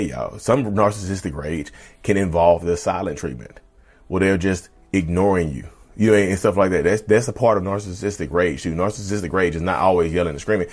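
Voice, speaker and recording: Husky-voiced man hosting a podcast. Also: low voice. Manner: emphatic and repetitive, addresses listeners as y'all. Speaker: podcast host. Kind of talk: casual podcast monologue.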